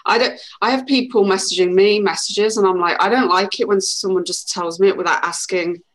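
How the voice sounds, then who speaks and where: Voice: medium pitch, steady tone, brisk, a bit bright. A co-host in a casual chat, chiming in with agreeable comments. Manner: agreeable, chatty.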